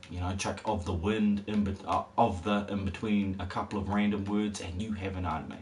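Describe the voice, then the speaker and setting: A man's voice: deep voice, fairly even intonation, moderate pace, hardly any pauses, a little mellow. A man who is a parent, streaming a game and rambling casually with jokey asides to his chat. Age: adult parent. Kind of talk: casual live-stream commentary. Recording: noisy background hiss.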